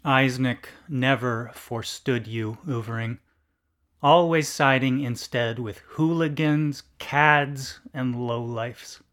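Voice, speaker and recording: A man reading a literary story aloud in a deliberate, deadpan narration. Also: mid-range voice.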